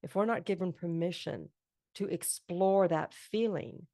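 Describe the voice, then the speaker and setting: A woman's voice: fairly low pitch, a little slow, warm tone, no room sound, clean studio sound. A middle-aged woman hosting an interview podcast, talking earnestly and affirmingly in long reflective runs. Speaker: podcast host. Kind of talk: casual interview chat.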